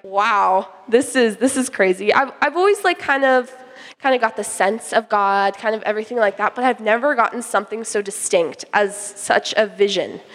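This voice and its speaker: A woman's voice: a little high, normal speed. A young woman sharing a casual faith testimony, hesitant, with many fillers and restarts. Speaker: church youth sharing a testimony. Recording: long hall reverb.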